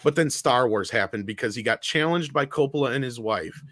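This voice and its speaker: A man hosting a casual podcast discussion, telling stories in an animated way and swearing freely. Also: mid-range voice, a little fast, no room sound. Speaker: show host.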